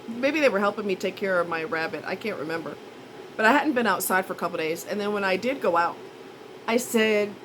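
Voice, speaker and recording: A woman's voice: medium pitch, expressive, moderate pace, fairly bright tone, slight background noise, rough recording. A woman telling a rambling, self-mocking story in a chatty, casual way. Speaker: vlogger.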